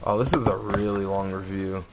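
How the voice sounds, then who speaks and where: A man's voice: sits low, fairly even intonation, moderate pace, noisy background. Chatty man in casual podcast banter. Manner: laid-back, chatty, reads online reviews aloud. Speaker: podcast co-host. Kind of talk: casual chat.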